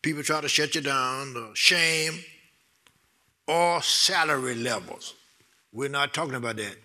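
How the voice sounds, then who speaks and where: A middle-aged man preaching a sermon, excitable, repeating words and building to loud bursts with laughter. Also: medium pitch, unhurried.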